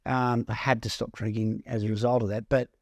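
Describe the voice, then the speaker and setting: An Australian man working as a counsellor, telling a personal story in an earnest, halting way that repeats words as he goes. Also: medium pitch, level tone, gravelly, a little mellow, no room sound. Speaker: counsellor and mentor. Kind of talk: personal story told to camera.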